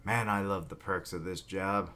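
A man reading as a deadpan young swordsman. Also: low voice, normal speed, slight background noise. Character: cool, detached young male swordsman.

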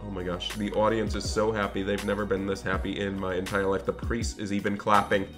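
A man's voice: fairly low pitch, little pitch movement, a little fast, a bit bright, faint music behind. Chatty, upbeat male gaming host. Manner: upbeat, chatty, addresses viewers as "guys". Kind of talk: game role-play commentary.

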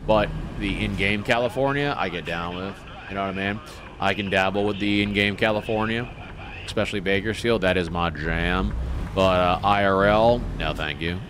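A man's voice: deep voice, moderate pace, background noise. A man hosting a casual gaming livestream, talking in a laid-back folksy trucker way and greeting his chatters. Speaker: livestream host.

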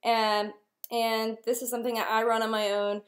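A woman's voice: fairly high pitch, little pitch movement, normal speed. A young woman talking casually to camera as a nail wrap consultant, chatty and upbeat, with lots of filler ums. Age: young adult. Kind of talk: casual direct-to-camera vlog.

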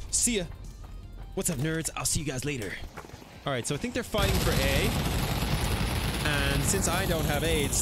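A man live-streaming a VR shooter, bantering with his chat in a crude, playful way. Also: high voice. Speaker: game streamer.

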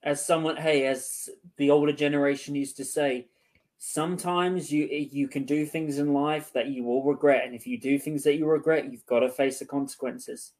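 A man's voice: fairly high pitch, steady tone, normal speed, darkish tone. A man hosting a podcast interview, agreeing readily and leaning on "you know" fillers. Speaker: podcast host.

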